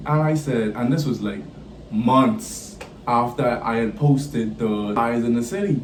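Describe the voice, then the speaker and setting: Animated young man in a roomy space. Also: unhurried, a little hiss or hum. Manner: animated, laughing storyteller with swings in pitch. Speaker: vlogger. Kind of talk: casual storytelling. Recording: roomy, from a distance off the mic.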